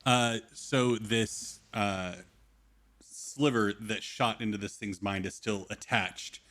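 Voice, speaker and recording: Low-voiced man explaining his spell. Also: fairly even intonation, slow, a bit bright. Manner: explains spell rules, laughs easily. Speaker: player. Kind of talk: casual tabletop play.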